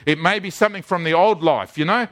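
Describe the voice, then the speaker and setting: A man's voice: sits high, fast, a bit bright. A man preaching a sermon as a pastor, telling stories earnestly and often repeating his words.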